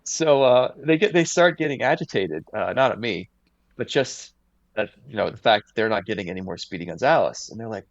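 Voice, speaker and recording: A man's voice: lowish voice, animated, a little fast, no echo. A man co-hosting a podcast, telling a long anecdote in a rambling way with many fillers. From United States. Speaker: podcast co-host. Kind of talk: casual podcast storytelling. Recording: dull lo-fi dry audio.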